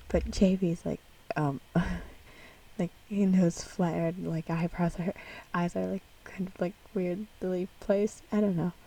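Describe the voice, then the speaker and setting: A young woman chatters through a music video reaction, giggling often and rambling with fillers. Her voice has a breathy, slightly husky edge and sits a little back from the microphone, in a plain room at home. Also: medium pitch, warm tone, far from the mic, low-quality recording.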